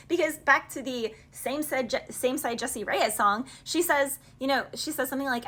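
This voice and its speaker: A woman's voice: high-pitched, lively intonation, fairly quick, hardly any pauses, a bit bright. A woman giving a casual tarot reading, talking in a chatty, rambling way and acting out little back-and-forth arguments. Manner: rambling, chatty, paraphrases song lyrics in dialogue. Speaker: tarot reader.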